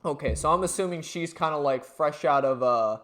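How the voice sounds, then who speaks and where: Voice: medium pitch, a little fast, fairly bright tone. A streamer playing a story game, rambling through commentary with lots of fillers and self-corrections. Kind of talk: let's-play commentary with read-aloud dialogue.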